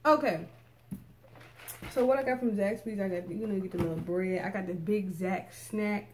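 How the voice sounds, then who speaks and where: A woman's voice: mid-range voice, normal speed, a little mellow, slight background noise. A young woman, chatting casually to her viewers while eating, sometimes with her mouth full. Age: young adult. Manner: chatty, laid-back, talks with mouth full. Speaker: vlogger. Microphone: camera set up in front of her.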